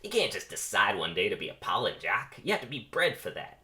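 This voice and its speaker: A man's voice: fairly low pitch, huge pitch swings, brisk, pushed and bright, exaggerated voice. A man voicing a questioning, incredulous young male bee.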